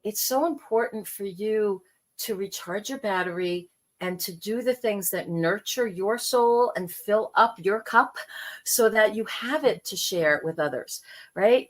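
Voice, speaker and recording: A middle-aged woman from New York talking casually, telling animated stories and acting out the voices of people she quotes. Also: medium pitch, measured pace. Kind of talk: casual conversation.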